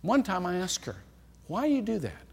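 A middle-aged man preaching a sermon, telling stories with lively acted-out dialogue. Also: high voice, fairly quick, gravelly, slightly rough. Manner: animated storytelling, acts out quoted dialogue. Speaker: pastor. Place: church sanctuary. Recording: long hall reverb.

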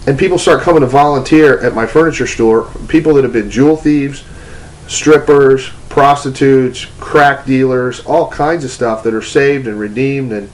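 A man's voice: medium pitch, normal speed, rough recording. A man giving a teaching talk, telling a personal story in a loose, conversational way with restarts and fillers. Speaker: preacher, ministry teacher. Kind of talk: testimony-style teaching talk.

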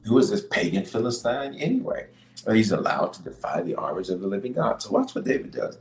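A man's voice: wildly swooping pitch, normal speed, echoey room, low-quality recording. A bishop preaching on leadership, reading scripture and repeating his key points with emphasis. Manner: emphatic, repeats key lines, swings between loud bursts and low asides. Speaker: bishop and podcast host.

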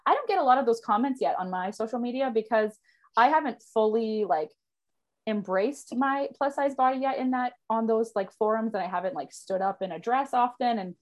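A bubbly woman hosting a podcast, her voice sitting a little high. She chats casually, fills her talk with "like" and drops the odd swear word. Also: lively intonation, fairly quick. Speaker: podcast host. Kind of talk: casual chat.

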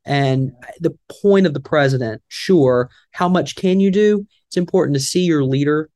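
A man's voice: medium pitch, moderate pace, hardly any pauses, darkish tone, no echo. Southern male talk-radio host, folksy and rambling, dry close mic. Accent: Southern American. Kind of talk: talk radio chat and event promo.

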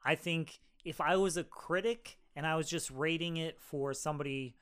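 A man's voice: a little high, a bit bright, clear, resonant tone. A man co-hosting a film review podcast, easygoing, teasing his partner and laughing often. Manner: easygoing, quick to laugh and tease. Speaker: podcast co-host. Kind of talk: casual chat.

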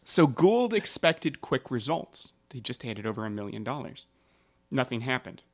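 A man's voice: mid-range voice, very animated, moderate pace. A man hosting a casual podcast, telling a history story with jokes and asides.

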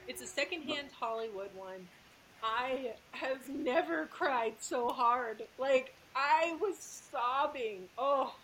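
A woman's voice: sits high, slow pace, a bit bright, low-quality recording. A woman author, a guest on a podcast, chatting casually with lots of fillers and giggles. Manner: giggly, filler-heavy, rambling.

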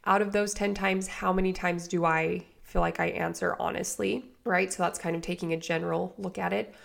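Hoarse, gravelly woman podcast host. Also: lowish voice, fairly even intonation, normal speed. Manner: chatty, speaks straight to listeners. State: hoarse from a cold. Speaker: podcast host and life coach. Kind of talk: casual solo podcast talk.

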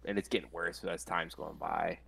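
A man's voice: low voice, steady tone, normal speed, creaky, a bit bright, slightly rough. A man in his late twenties co-hosting a podcast, chatting in an easygoing, rambling way. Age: 20s. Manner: easygoing, rambling, self-mocking. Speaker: podcast co-host. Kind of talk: casual chat between friends.

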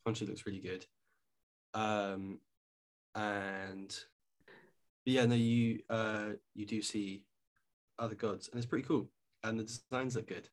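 Low-voiced man rambling on a podcast. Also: steady tone, measured pace, long pauses. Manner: rambling, hesitant, swears casually. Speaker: podcast co-host. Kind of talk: casual chat.

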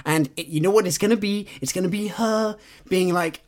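A man's voice: sits high, a little fast. A man co-hosting a podcast in casual book chat, teasing his co-host playfully and laughing often.

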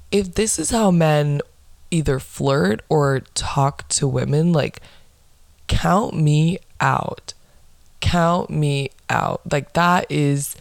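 Blunt, sarcastic young woman with vocal fry. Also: deep voice, a little mellow, no echo, clean studio sound. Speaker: podcast host. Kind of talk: casual storytelling monologue.

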